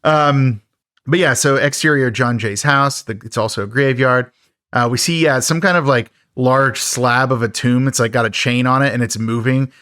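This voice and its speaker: A man's voice: medium pitch, moderate pace, fairly bright tone. A man with a middle-range voice recaps a cheesy horror film in a loose podcast chat. He jokes, chuckles, and pokes fun at the props. The sound is dry and close, with no room echo. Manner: jokey, laughing often. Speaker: podcast co-host. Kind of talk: casual movie recap chat.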